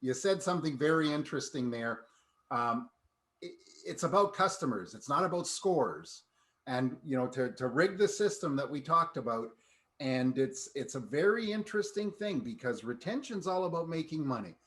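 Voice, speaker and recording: A man hosting a panel discussion over video call, speaking in a relaxed, conversational way. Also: on the high side, normal speed. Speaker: host.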